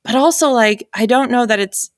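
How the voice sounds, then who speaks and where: A woman's voice: fairly high pitch, normal speed, no echo, studio quality. Chatty woman with a light New England accent. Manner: chatty, laughs often, many fillers. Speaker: audiobook narrator. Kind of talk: casual panel chat.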